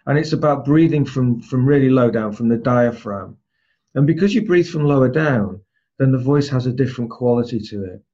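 A man teaching a group, explaining ideas and sometimes speeding up or slowing down to show a point. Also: mid-range voice, mellow. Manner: explanatory, varies pace to demonstrate points. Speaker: trainer. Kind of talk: lecture to a group. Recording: slightly dull, lo-fi.

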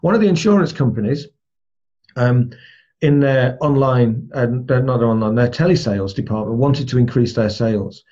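A man teaches in a relaxed, conversational way. His voice is mellow and a little husky. The recording sounds dull and lo-fi. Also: mid-range voice, normal speed. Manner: conversational, explains with everyday examples. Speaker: trainer. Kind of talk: spoken lesson on rapport.

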